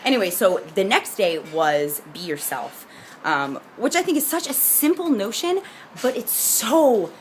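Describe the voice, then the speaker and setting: A woman's voice: mid-range voice, big pitch swings, normal speed, a little hiss or hum. A young adult woman chatting casually and upbeat in a vlog, bubbly and talkative with frequent restarts. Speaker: vlogger. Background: jazzy music playing.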